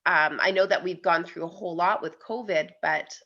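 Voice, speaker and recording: A woman's voice: lowish voice, fairly quick, pushed and bright. A woman hosting a podcast interview, chatting casually and rambling with many fillers. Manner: rambling, lots of "you know" fillers. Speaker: podcast host. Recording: dull lo-fi audio.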